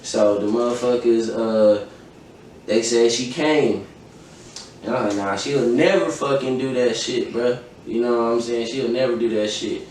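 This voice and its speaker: A young adult man on a podcast speaks in a mid-range, somewhat mellow voice, steady in tone and a bit slow. His casual, profanity-laden account of a personal event is emphatic, and he acts out what people said. Faint noise, a far-off mic, and heavy room echo mark the recording.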